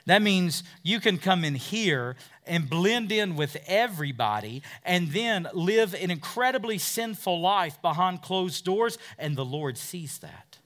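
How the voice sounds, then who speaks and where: Pastor, male, fairly high voice, emphatic sermon delivery with surging and dropping volume. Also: very animated, unhurried, hardly any pauses. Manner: emphatic preaching with big swings in loudness and pace.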